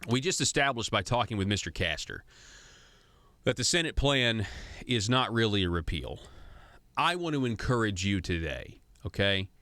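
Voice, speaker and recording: A man's voice: low voice, pushed and bright, no echo. A man from Arkansas hosting a political talk radio show, chatty and growing heated and emphatic, in a studio. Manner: conversational, grows heated and emphatic.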